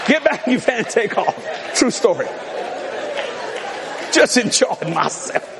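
Lively, folksy preacher man. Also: very high voice, unhurried, gravelly, over a noisy crowd, heavy background noise. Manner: animated, folksy, laughing through stories. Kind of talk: humorous storytelling sermon. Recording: reverberant hall with live audience.

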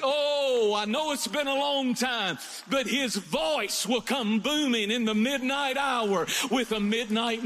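Male preacher with a high voice, fervent sermon delivery that alternates between impassioned peaks and slower, quieter narrative. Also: noisy background. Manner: rising to impassioned shouting, then slowing to low storytelling.

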